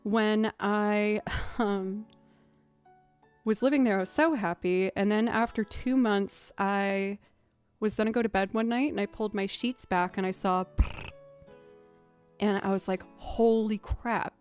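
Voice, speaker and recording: A woman's voice: medium pitch, unhurried, long pauses, clean tone, soft background music. Chatty woman streamer telling stories. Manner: chatty storytelling with frequent laughs. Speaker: streamer and musician. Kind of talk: casual livestream chat. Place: home streaming setup.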